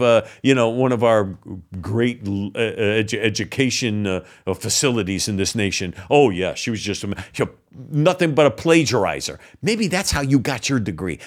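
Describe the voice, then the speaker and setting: A man hosting an opinion commentary show, sarcastic and exasperated, mocking what he reads out with scoffing laughs. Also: medium pitch. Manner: indignant, exasperated. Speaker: political commentary host.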